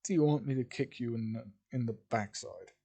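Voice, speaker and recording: A man's voice: mid-range voice, brisk, dark tone, husky. A man voicing a playful, mischievous young woman in an improvised fan story he narrates. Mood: teasing. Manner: teasing, mischievous.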